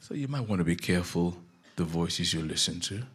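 A man preaching a sermon as pastor, telling a Bible story in a jokey, animated way with a husky voice. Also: deep voice, a little fast.

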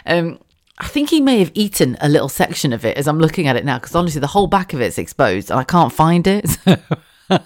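Low-voiced woman chatting, laughing. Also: sing-song, a little fast. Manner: chatty, laughs often, swears casually. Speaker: podcast host. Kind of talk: casual solo podcast chat. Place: home wardrobe room. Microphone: studio mic with a damaged foam windscreen.

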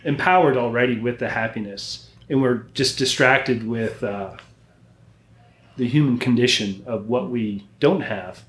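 Calm man in an echoey room. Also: medium pitch, unhurried. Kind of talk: casual podcast conversation. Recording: roomy echo.

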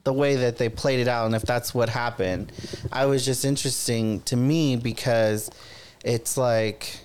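A man in casual chat, retelling a story with lively quoted voices. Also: medium pitch, a little slow, a little hiss or hum. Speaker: podcast co-host.

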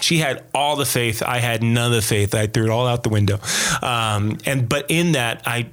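A man's voice: medium pitch, normal speed, fairly bright tone. A man in his thirties, a kids pastor, talking casually and telling stories with quoted asides and frequent restarts. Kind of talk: casual conversation.

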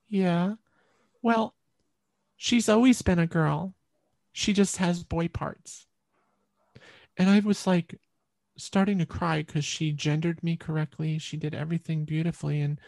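A middle-aged woman, a podcast guest, telling a personal story in an earnest, halting way with many restarts. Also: lowish voice, a little mellow, no room sound.

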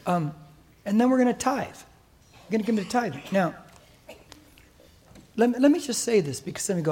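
A man's voice: sits high, lively intonation, a little fast, long pauses, a little mellow, a little hiss or hum. An older man with an American accent preaching a sermon as pastor in a church, emphatic and exhorting. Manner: emphatic, exhorting, mimics listeners' excuses.

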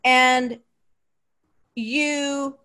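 High-voiced woman interviewing a guest. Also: steady tone, extremely slow, pushed and bright, soft background music. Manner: conversational, prompting the guest. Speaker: host.

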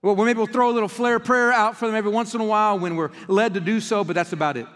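A man preaching a passionate sermon, swinging between emphatic peaks and hushed lines in a church sanctuary. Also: high-pitched, fairly even intonation, fast, long reverb tail. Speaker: pastor.

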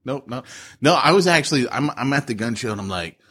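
A man in his thirties co-hosting a podcast, telling jokey stories in casual banter and jumping up high when he quotes people. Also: expressive, fast, a bit bright, slightly rough. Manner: jokey storytelling, voices quotes with big pitch jumps. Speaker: podcast co-host.

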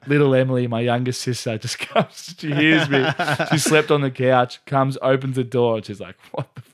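A man's voice: mid-range voice, moderate pace. A young man with an Australian accent, co-hosting a casual podcast and rambling through a story, full of filler words and swearing. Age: young adult. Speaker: podcast co-host. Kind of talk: casual chat.

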